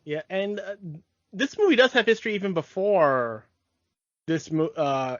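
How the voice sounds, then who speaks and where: A man's voice: high voice, big pitch swings, a little slow, dry recording. A man co-hosting a nostalgic podcast in casual chat, rambling and often restarting his sentences. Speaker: podcast co-host. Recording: dry, dull lo-fi podcast mic.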